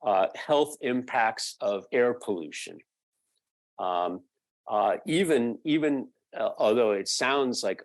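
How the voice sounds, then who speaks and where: Halting, thoughtful man explaining. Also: medium pitch, animated, no echo. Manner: thoughtful, halting with many fillers. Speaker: podcast guest, media researcher. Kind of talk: explanatory interview answers.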